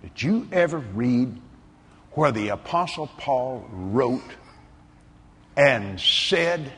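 Preacher in a big echoing hall. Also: male voice, medium pitch, expressive, takes it slowly, breathy edge. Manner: swings from hushed to exuberant shouting. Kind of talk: sermon. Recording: reverberant hall, faint ambience.

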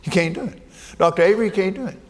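Folksy preacher in a reverberant hall. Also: male voice, sits high, racing. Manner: folksy, swings from soft murmurs to shouted exhortation. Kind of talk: sermon. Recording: hall reverb, faint ambience.

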